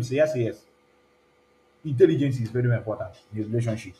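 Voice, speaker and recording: A man's voice: medium pitch, quick pace, dark tone. A man hosting a casual live stream. He talks in a chatty way and slips between English, Igbo and pidgin, heard in a roomy, echoing space. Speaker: online show host. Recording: roomy echo.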